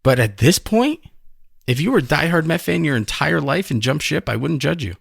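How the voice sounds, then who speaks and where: A man's voice: a little high, lively intonation, normal speed, vocal fry, breathy edge, no room sound, clean studio sound. A man co-hosting a sports podcast, chatting casually with wry, joking asides. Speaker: podcast co-host.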